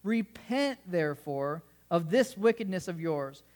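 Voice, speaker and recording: A man's voice: high voice, expressive, measured pace, a little mellow. A male pastor preaching a sermon in a conversational way, often restarting phrases and asking the congregation questions.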